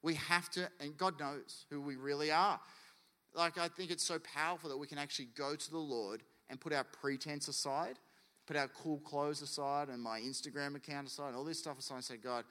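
A man's voice: a little high, fairly even intonation, fairly quick, sharp tone, long reverb tail. A man preaching a sermon as pastor, in a casual, conversational way that acts out quotes.

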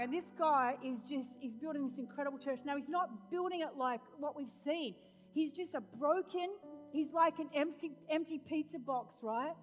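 High-voiced woman preaching in an echoing hall. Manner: preaching, swinging from loud proclamation to chatty storytelling. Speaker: pastor. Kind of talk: sermon. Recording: long hall reverb, faint music.

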